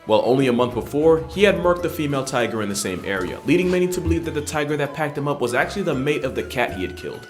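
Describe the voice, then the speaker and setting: A man giving scripted comedic narration with a slangy, brisk delivery. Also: medium pitch, lively intonation, soft background music. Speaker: documentary-style narrator.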